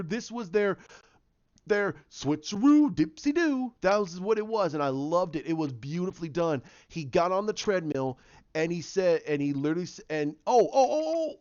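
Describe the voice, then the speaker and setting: A fairly high-voiced man in his thirties tells a TV episode in an excited, chatty way, acting out what the characters say. The recording is dry and dull, with a narrow lo-fi sound. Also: no room sound. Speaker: TV episode reviewer. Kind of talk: casual episode recap.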